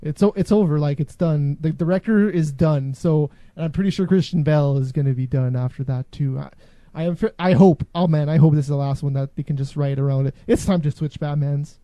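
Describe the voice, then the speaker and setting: Mellow-voiced man rambling as host. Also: on the high side, dry recording. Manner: rambling, halting, jokey. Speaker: podcast host. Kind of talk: casual call-in show chat.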